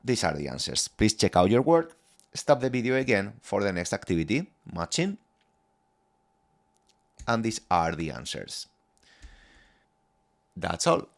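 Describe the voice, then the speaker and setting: Man, Spanish teacher, low pitch, animated delivery, scripted lesson, careful modelling of phrases. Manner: clear, deliberate modelling of phrases for repetition.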